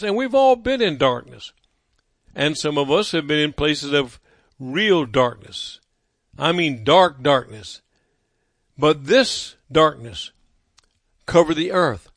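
Slow, emphatic male preacher. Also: fairly high pitch, animated, fairly bright tone, no room sound, clean studio sound. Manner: emphatic preaching with dramatic pauses and repetition. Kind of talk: sermon.

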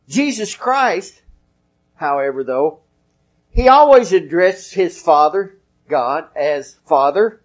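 A man's voice: fairly high pitch, animated, takes it slowly. A man preaching a sermon in a folksy, conversational way, working through scripture references.

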